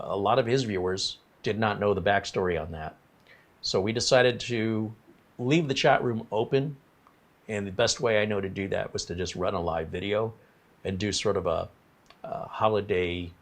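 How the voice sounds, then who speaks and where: A man hosting a casual livestream, talking in a rambling, apologetic way and reading viewer comments aloud. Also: lowish voice. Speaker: livestream host.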